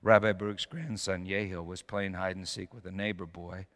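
A middle-aged man preaching a sermon with storytelling, moving between hushed passages and emphatic ones. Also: low voice, steady tone, normal speed. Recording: long hall reverb.

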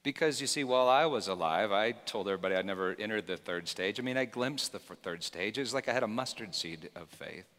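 A man preaching a sermon, swinging from loud emphatic shouts to quiet, hushed lines. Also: fairly low pitch, fast talker, few pauses, long reverb tail. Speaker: pastor.

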